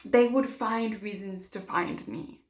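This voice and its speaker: A woman's voice: medium pitch, slow. A young woman telling a personal story in a vlog, emotional and acting out what others said to her. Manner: emotional, acts out quoted dialogue, many fillers. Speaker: vlogger. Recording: roomy echo.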